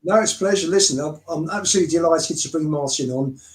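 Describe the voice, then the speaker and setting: A man's voice: fairly high pitch, fast talker, roomy sound. A man guesting on a fan show, reminiscing and stumbling over his words. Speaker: guest who arranged the show. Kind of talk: casual fan chat.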